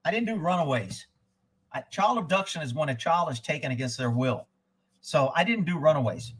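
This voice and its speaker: A man's voice: fairly high pitch, expressive, a little fast, breathy edge, poor audio. A man hosting a live stream, telling stories in a casual, rambling way, blunt and profane, digressing as he goes. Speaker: host of a live news and chat stream; former child abduction investigator.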